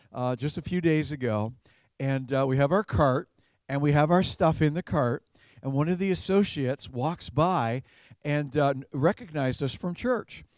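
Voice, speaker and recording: A man's voice: on the high side, darkish tone, no room sound, studio quality. A man preaching a sermon as a pastor in a conversational way, chuckling now and then and repeating words as he goes.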